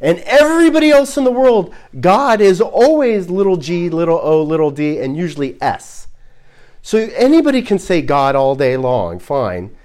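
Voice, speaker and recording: A man preaching an expository sermon as a pastor, halting and repeating words as he works through his points, and posing rhetorical questions. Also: mid-range voice, a little mellow. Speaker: pastor teaching a Bible series.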